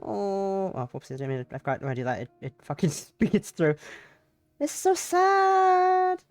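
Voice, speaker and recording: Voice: mid-range voice, lively intonation, quick pace, dark tone, dry recording, soft background music. Teary streamer reading game dialogue aloud. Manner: emotional, tearful reactions and swearing outbursts.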